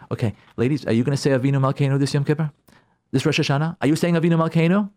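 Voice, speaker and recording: A man's voice: on the high side, fairly even intonation, very fast, dark tone. A man, a rabbi, giving an emphatic radio talk on Jewish law and marriage, repeating key words and acting out his listeners' objections.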